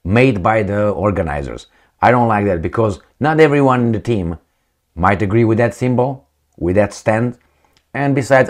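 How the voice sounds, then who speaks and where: Blunt middle-aged man, somewhat low voice, rambling vlog commentary full of fillers. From Romania. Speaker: vlogger. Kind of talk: opinion commentary.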